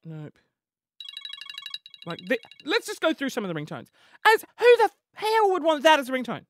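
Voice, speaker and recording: A man's voice: very high voice, moderate pace, a little hiss or hum. A man, hosting a comedic podcast monologue full of exasperated, swearing rants. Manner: animated, exasperated ranting with swearing and playful impressions. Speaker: podcast host.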